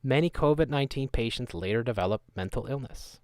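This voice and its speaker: Sarcastic male streamer, mid pitch, dry close sound, mocking the news. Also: expressive, fast, no echo. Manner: sarcastic, mocking, chuckling asides. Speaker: live-stream host. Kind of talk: live commentary on news clips.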